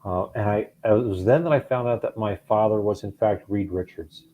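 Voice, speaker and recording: A man's voice: lowish voice, normal speed, narrow, tinny audio. A man in casual chat with friends, telling stories with a chuckle, a new dad in his thirties. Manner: storytelling, chuckling.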